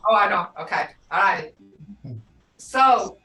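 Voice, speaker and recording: A woman's voice: mid-range voice, lively intonation, measured pace, fairly bright tone, faint music behind. An older woman teaching a language class over a video call, patiently stretching out words to show how they sound. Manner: patient, drawing out words to model pronunciation. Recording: roomy sound from far off the mic.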